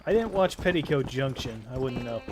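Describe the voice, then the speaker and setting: A man's voice: mid-range voice, expressive, a little fast, noisy background. A man chatting casually and swearing freely while streaming a video game. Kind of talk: casual gameplay commentary.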